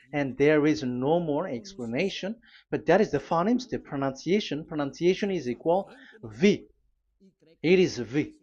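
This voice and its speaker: A man preaches while teaching at a board, his delivery slow and deliberate. He pauses often, fills gaps with fillers and restarts, and spells out letters one by one. The recording sounds dull and lo-fi. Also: on the high side, darkish tone.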